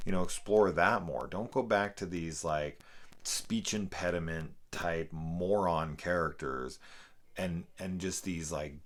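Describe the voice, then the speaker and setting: A man's voice: sits low, fairly bright tone. A man reviewing a film in a casual, profane, exasperated rant. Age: adult parent. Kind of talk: casual spoken movie review.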